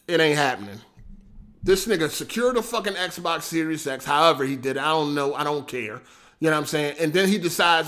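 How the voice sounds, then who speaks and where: A man hosting a livestream, telling a story in a casual, slangy, profane, animated way. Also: a little high, brisk. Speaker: podcast host.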